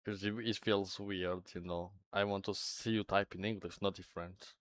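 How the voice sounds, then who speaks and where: A man with a lowish, smooth, clear voice chats with his livestream viewers. He rambles and breaks off mid-sentence, a little nervous. The sound is close and dry. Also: fairly even intonation, normal speed, a bit bright, no room sound. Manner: rambling, self-interrupting, chatty. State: a bit anxious. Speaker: livestream host. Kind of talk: casual chat with viewers.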